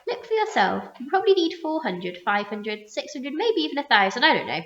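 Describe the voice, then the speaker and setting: A woman voicing an earnest, resourceful young boy who calmly explains his plan in a storybook reading. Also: high voice, brisk, slight background noise, pitched above the performer's own voice. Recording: roomy muffled recording.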